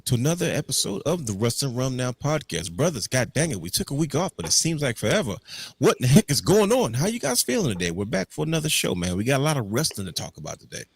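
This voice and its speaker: A man's voice: medium pitch, very animated, quick pace, gravelly, husky, no echo. A man hosting a casual wrestling podcast, opening the show with sing-song hype introductions. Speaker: podcast host.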